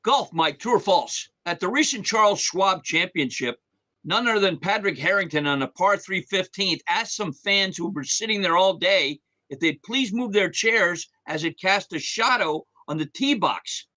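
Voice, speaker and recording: A man's voice: high voice, lively intonation, bright, forceful tone, rough recording. A man reading sports trivia questions with multiple-choice answers on a radio show. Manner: reads questions briskly with multiple choice options.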